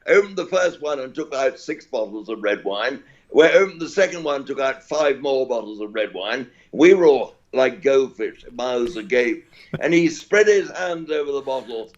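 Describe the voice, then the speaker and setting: Older man, English accent, chuckling raconteur, muffled lo-fi recording. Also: mid-range voice. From England. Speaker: guest, cricket commentator. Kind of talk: anecdotal storytelling. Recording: dull lo-fi audio.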